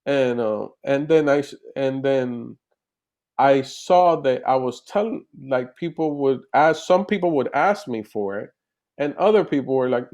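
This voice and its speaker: A man, a comedian, chatting casually in an interview over a video call, animated and rambling with restarts. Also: mid-range voice, measured pace. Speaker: comedian guest.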